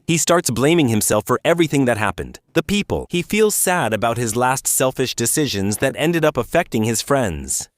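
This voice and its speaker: A man narrating a video game's story as a let's-play recap, casual and lively, with offhand asides to viewers. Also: mid-range voice, moderate pace, few pauses, dry recording, studio quality. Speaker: gaming YouTuber.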